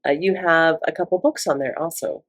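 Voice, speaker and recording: A woman hosting a podcast interview, prompting her guest in a relaxed conversational way. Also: low-pitched, brisk. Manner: conversational, prompting with short questions. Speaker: podcast host.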